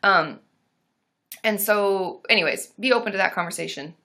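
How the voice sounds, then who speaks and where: A young woman therapist answering viewer questions on a casual live stream, chatty and warm, with sudden loud whooping between answers. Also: mid-range voice, normal speed. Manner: chatty, reads viewer comments aloud, bursts into loud monkey whoops.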